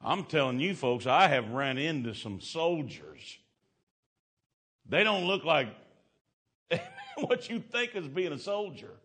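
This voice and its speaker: A man preaching a sermon in a folksy, colloquial way. He swings from loud, climbing exclamations to hushed storytelling. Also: fairly high pitch, huge pitch swings, slow pace, pauses often, slightly rough.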